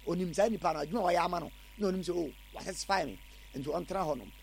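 High-voiced, fast-talking Ghanaian man. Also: vocal fry, a little hiss or hum. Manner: animated, mixes in English words. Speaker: interviewee. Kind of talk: casual street interview.

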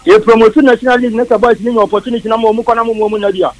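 A man arguing about football on a radio show, animated and insistent, repeating his points. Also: very high-pitched, racing, no echo, rough recording. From Ghana. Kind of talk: Twi sports radio chat.

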